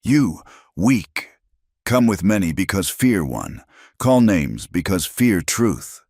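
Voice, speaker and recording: A man voicing a large, calm male warrior who speaks simple, halting English with an accent. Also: low voice, slightly rough, dry recording, studio quality, pitched above the performer's own voice, heavily acted. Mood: certain.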